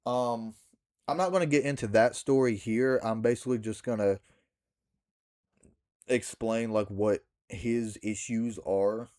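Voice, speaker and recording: A man's voice: medium pitch, steady tone, unhurried, pauses often, a little mellow. A young man ranting to camera about a wrestling match finish, swearing and acting out the scene in mocking mimicry. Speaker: backyard wrestler. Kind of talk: ranting vlog monologue.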